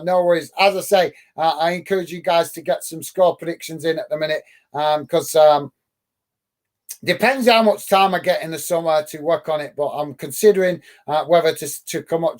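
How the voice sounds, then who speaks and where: A man hosting a live football watch-along, commentating on play and reading out viewer comments in a friendly way with many fillers. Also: fairly high pitch.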